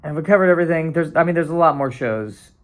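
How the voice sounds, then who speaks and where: A man's voice: fairly high pitch, lively intonation, fast. A man hosting his own podcast, rambling casually with sarcasm, restarts and bursts of mock panic. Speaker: podcast host.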